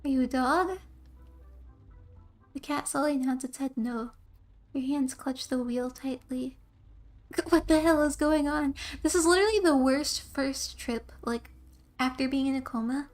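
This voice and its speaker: A woman's voice: high-pitched, normal speed, faint music behind. A young woman streamer who reads game text aloud and tells rambling stories between lines, laughing often. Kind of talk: casual game commentary and reading.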